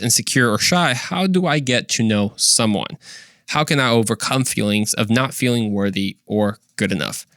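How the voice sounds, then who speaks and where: A man's voice: medium pitch, bright, forceful tone, no echo, studio quality. A man hosting a Christian podcast, talking through listener questions in an earnest, conversational way full of rhetorical questions. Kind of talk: casual solo podcast monologue.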